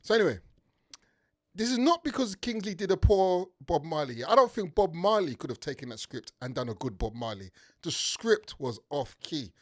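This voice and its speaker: A young man with a London accent hosting a comedic film review podcast, talking in an animated way and tagging sentences with "yeah". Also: on the high side, normal speed. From Nigeria. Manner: animated, tag questions and "yeah" fillers. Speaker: podcast host.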